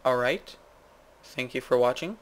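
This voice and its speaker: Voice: mid-range voice, measured pace, slight background noise. A gaming video host giving goofy, rambling let's-play commentary, saying "like" a lot and jumping to sudden yelps. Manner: jumps to yelps and squeals.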